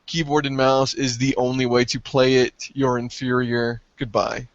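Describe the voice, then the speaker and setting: A man co-hosting a casual gaming podcast, excitable and profane, breaking into yelps when something thrills him. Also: mid-range voice, normal speed, dry recording, dull audio. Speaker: podcast co-host.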